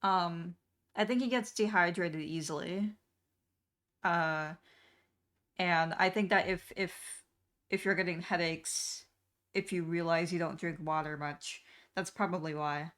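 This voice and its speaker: A woman's voice: fairly low pitch, steady tone, unhurried, long pauses, a bit bright. A young woman streamer chatting casually while she draws, rambling with lots of fillers and restarts. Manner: rambling, many fillers and restarts, laughs often.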